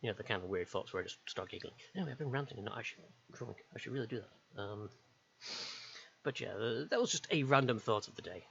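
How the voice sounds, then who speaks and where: Low-voiced man rambling on a lo-fi mic. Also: expressive, fast, gravelly, a bit bright. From United Kingdom. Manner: rambling, hesitant, many ums. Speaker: streamer. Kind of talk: casual rambling chat while drawing. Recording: dull lo-fi stream mic with faint hiss.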